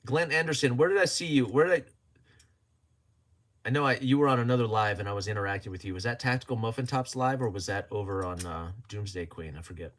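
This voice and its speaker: A man's voice: medium pitch, fast talker, a bit bright. Joking man hosting a livestream. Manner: chatty and joking, laughs often. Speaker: livestream host. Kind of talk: casual livestream chat, reading viewer comments.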